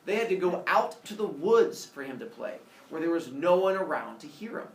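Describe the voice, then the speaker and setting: Animated man telling a class a story. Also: a little high, moderate pace. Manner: animated, playful, sound effects. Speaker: teacher. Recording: echoey classroom, from a distance.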